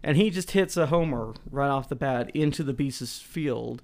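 A man's voice: medium pitch, normal speed, darkish tone, a little hiss or hum. A man co-hosting a podcast, recapping a movie in loose, rambling casual chat, swearing and correcting his co-host.

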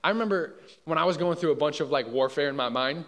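Young guy preaching, kinda high voice, big echoey church hall, super casual, keeps asking if you get it. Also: fast, fairly bright tone. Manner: casual, keeps checking in with the listeners. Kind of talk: conversational sermon. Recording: long hall reverb.

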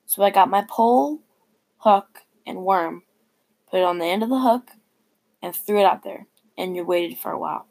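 A woman reading a personal story aloud in a plain, unhurried way with small stumbles. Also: mid-range voice, creaky, a little mellow.

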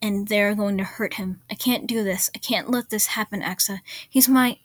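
A woman's voice: mid-range voice, fairly even intonation, normal speed, a bit bright, dry recording, natural voice. A woman voicing a desperate young man who pleads in a shaky voice that keeps rising. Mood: desperate pleading. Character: desperate young man, frantic with fear for his friend.

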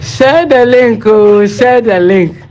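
A woman gives a church testimony at an unhurried pace. She speaks gratefully and calls blessings on the people who helped her. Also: on the high side, darkish tone, dull audio, a little hiss or hum.

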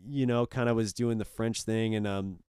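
A man's voice: on the low side, steady tone, moderate pace, darkish tone, clean tone, no room sound, studio quality. A man from Orange County, chatting casually as a podcast guest in a rambling, laid-back way full of "kinda" and "dude". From Orange County, California. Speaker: podcast guest, comedy show organizer. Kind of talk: casual chat.

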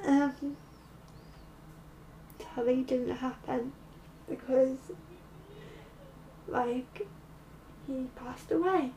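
A woman vlogger telling a personal story in a halting way, full of fillers. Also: sits high, a little mellow, a little hiss or hum. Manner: halting, slow, with many fillers. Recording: roomy, distant mic.

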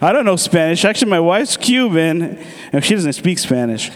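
A man's voice: fairly high pitch, animated, a little fast. A man from the States giving a sermon testimony, telling his story with animation and acting out the dialogue. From United States. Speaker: church speaker giving testimony. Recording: long reverb of a large hall.

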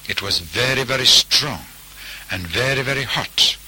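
A man telling a folk tale as storybook narration, in a measured way. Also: mid-range voice, animated, pushed and bright, a little hiss or hum, rough recording.

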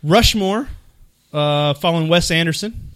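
A man's voice: a little high, a little slow, fairly bright tone. A man co-hosting a podcast, chatting casually about films, swearing often and rambling with lots of fillers. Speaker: podcast co-host.

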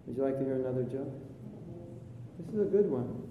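A man as spiritual teacher giving a chatty sermon with jokes, in a live recording from an echoey hall with a faint rumble. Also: expressive, brisk, phone-quality sound. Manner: chatty storytelling, jokey asides.

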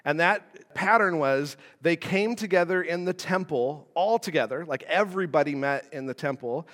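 A man's voice: fairly high pitch, normal speed, fairly bright tone, in a large hall. A man preaching a sermon as pastor, playful and joking between scripture readings. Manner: playful, jokey asides.

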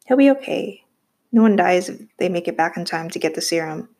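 A woman voicing a chatty, cheeky twelve-year-old boy in a read-aloud story, with a slightly raised childlike pitch. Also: lively intonation, brisk, darkish tone. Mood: cheerful.

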